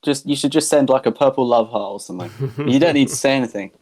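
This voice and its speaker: A man's voice: medium pitch, fast talker, a little mellow. A man co-hosting a casual chat on a video call, teasing and laid-back.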